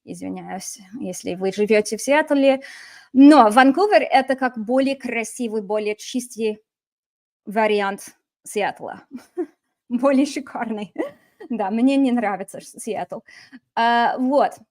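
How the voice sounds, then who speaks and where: A woman's voice: on the high side, measured pace. Lighthearted woman teaching Russian. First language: English. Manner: humorous, lighthearted, animated; switches between English and Russian. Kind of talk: casual livestream lesson.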